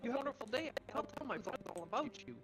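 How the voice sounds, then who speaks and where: A man putting on a high, soft voice as an overly polite, cheerful adventurer. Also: animated, very fast, over music. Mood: chipper.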